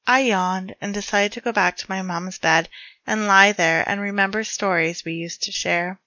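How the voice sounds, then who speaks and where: A woman reading her own dark fiction aloud in a measured way, hushed in quieter passages. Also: mid-range voice, fairly even intonation, dry recording, highs cut off. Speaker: storyteller.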